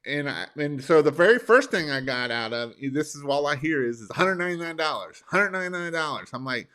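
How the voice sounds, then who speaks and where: A man's voice: a little high, animated, fairly quick, few pauses, a bit bright, clean tone. Folksy man coaching. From Northern Kentucky, USA. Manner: folksy, rambling, plain-spoken. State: sore throat. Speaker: business coach. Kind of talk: motivational live-stream talk.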